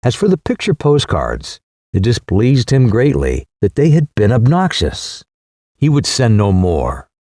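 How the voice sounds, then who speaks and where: A male audiobook narrator reading a classic novel in a measured, expressive manner. His pitch ranges widely and his tone is mellow and warm. The recording is dry and close. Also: dry recording. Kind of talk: scripted narration.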